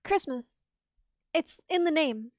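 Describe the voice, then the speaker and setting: A woman's voice: high-pitched, expressive, slow, no echo, clean studio sound. A woman streamer with a sick voice, chatting casually and playfully with a guest. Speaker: streamer host. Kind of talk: casual chat.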